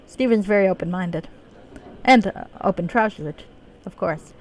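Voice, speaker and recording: A woman's voice: on the low side, moderate pace, darkish tone. A woman live-streaming a video game, chatting casually, laughing often and reading the game's dialogue aloud in her own voice.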